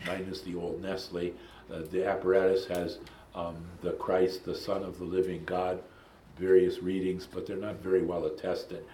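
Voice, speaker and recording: A man's voice: low voice, warm tone, echoey room, slight background noise, poor audio. A man teaching a lecture-style Bible study. He talks in a thoughtful, digressive way, with frequent ums and side remarks.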